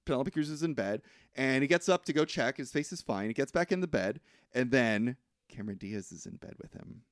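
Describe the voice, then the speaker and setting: A man's voice: mid-range voice, expressive, fairly quick, no room sound, studio quality. A man casually recapping a film's plot for a co-host, acting out the characters' lines and swearing freely. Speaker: podcast co-host. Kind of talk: casual chat retelling a movie plot.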